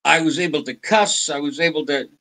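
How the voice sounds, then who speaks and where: Bright-voiced older man telling rambling anecdotes. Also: on the high side, a little fast, slight background noise, low-quality recording. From United States. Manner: rambling anecdotes with restarts, quoting others in put-on voices. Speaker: podcast guest. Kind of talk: casual interview storytelling.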